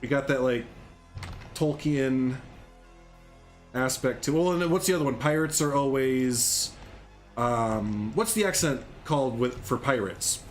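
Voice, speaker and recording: A man from the American Midwest with a Chicago accent, chatting quickly and laughing often while streaming a game. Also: mid-range voice, faint music behind. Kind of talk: casual game stream chat.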